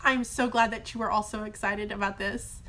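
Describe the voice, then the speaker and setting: A woman teacher chatting casually on a live phone stream from a car shop, her voice slightly hoarse from long talking. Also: medium pitch, steady tone, moderate pace, sharp tone. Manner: chatty and bubbly, many fillers. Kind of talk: casual livestream chat. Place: brother-in-law's car shop, indoors.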